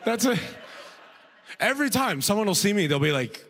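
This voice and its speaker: A man's voice: high-pitched, big pitch swings, measured pace, pauses often, a bit bright, a little hiss or hum. A man performing a stand-up comedy routine, telling a story with lots of "right?" asides.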